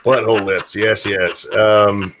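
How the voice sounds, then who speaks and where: A man hosting a livestream, reading viewer questions out loud and joking with his co-hosts. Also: fairly low pitch, level tone, takes it slowly. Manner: reads out chat questions, joking. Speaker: stream host reading chat. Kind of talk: casual chat.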